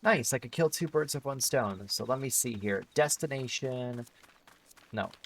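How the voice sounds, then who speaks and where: A man's voice: mid-range voice, a little slow, a bit bright. Rambling man streaming a game. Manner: rambling, filler-heavy, thinking aloud. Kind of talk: casual gameplay commentary.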